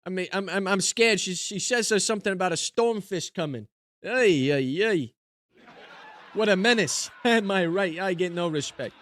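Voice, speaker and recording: A man doing an impression of a nervous, self-mocking stand-up comedian who delivers quick one-liners and keeps complaining that nobody respects him. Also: high voice, fairly bright tone. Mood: hapless. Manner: self-deprecating one-liners with a recurring catchphrase. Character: nervous middle-aged male stand-up comic, self-mocking.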